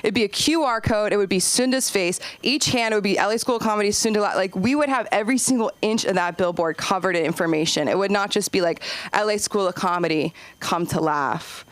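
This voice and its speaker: A woman doing a stand-up comedy set, chatty and rambling, jumping her voice up high whenever she acts out a quote. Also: fast, hardly any pauses, no echo. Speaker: stand-up comic and open mic host. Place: comedy club stage.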